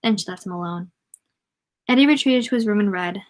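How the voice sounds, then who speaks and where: A woman's voice: mid-range voice, brisk. A woman reading a novel aloud in a casual way, often stumbling, correcting herself and adding joking asides.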